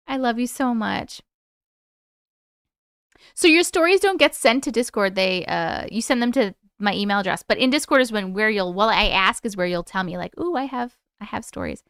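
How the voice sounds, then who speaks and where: A young woman hosting a casual livestream, chatty and excitable with her viewers and swearing freely. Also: mid-range voice, measured pace, pauses often, smooth, no echo, studio quality. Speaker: livestream host.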